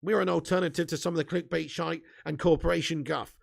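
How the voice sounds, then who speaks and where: A man's voice: a little high, steady tone, fast, creaky. A man hosting a live football fan stream, chatting casually with viewers, reading their comments, laughing often and swearing freely. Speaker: football fan channel host.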